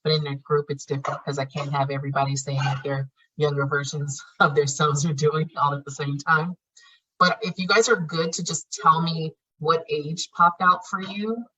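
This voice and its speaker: Low, forceful, husky woman facilitator; frank and emphatic, dull lo-fi sound. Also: fairly even intonation, normal speed. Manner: frank, emphatic, swears casually. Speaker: healing class facilitator. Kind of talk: teaching an online class.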